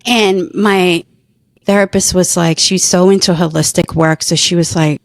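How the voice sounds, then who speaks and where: A woman's voice: lowish voice, fairly even intonation, measured pace, gravelly, dry recording, studio quality. Earnest woman telling her story. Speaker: guest, former patient. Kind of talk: personal story in conversation.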